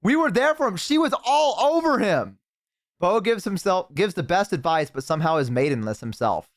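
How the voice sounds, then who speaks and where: A man's voice: high voice, lively intonation, moderate pace, no room sound, clean studio sound. A man streaming live, chatting casually to his viewers, rambling and swearing freely.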